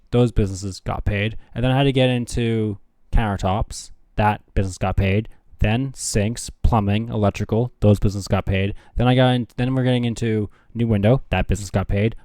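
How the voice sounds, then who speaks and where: A man's voice: fairly low pitch, a little mellow, no room sound, studio quality. A man hosting a casual talk, telling anecdotes and acting out both sides of the conversations. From Canada. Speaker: podcast host, realtor. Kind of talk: casual chat. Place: house under renovation.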